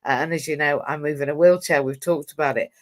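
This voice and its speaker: A woman's voice: deep voice, fairly even intonation, fast talker. Rambling, jokey woman host. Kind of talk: casual interview chat.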